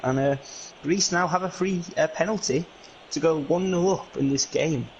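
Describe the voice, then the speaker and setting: A man from England, commentating solo on a video game football match in lively play-by-play that is full of fillers. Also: fairly high pitch, moderate pace, lo-fi sound, a little hiss or hum.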